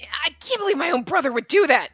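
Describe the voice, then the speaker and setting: A woman's voice: high voice, lively intonation, fast, a bit bright, dry recording, faint music behind, pitched above the performer's own voice. A woman reading an earnest, anxious young man's lines aloud in a raised, eager voice.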